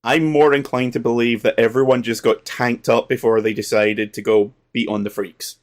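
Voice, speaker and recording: A man's voice: medium pitch, flat delivery, moderate pace. A man co-hosting a podcast, chiming in with wry, sarcastic and profane comments on a film and laughing often. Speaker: podcast co-host. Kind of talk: casual chat.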